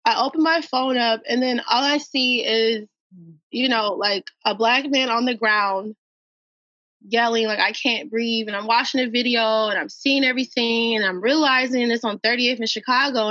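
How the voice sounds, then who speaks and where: A woman from Minnesota speaks earnestly as a podcast guest, leaning on repeated phrases to drive each point home. Her voice sits a little high and is bright and sharp. The recording is dry and somewhat dull. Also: fairly even intonation, normal speed, dry recording. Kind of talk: emotional personal account.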